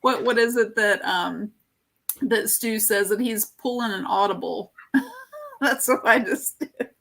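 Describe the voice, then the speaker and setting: A woman's voice: a little high, very animated, slow pace, fairly bright tone. A woman hosting a casual live-stream interview as an art course teacher, rambling and easily sidetracked.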